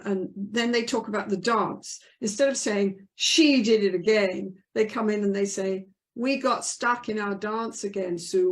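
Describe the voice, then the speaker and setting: In an interview, a senior female couples therapist responds with earnest emphasis, performing the voices of anyone she quotes. Her voice is mid-range.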